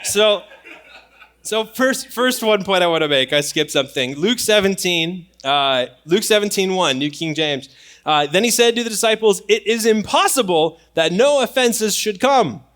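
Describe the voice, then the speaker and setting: A young man preaching a sermon in church, animated and acting out quotes. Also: sits high, normal speed. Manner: animated, acts out voices and quotes. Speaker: pastor.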